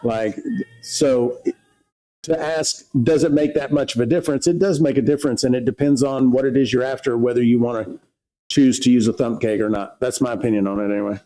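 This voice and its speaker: A man's voice: medium pitch, steady tone, a little fast, mellow, rough recording. A man co-hosting a casual livestream, reading viewer questions aloud and explaining distilling in plain terms. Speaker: livestream co-host.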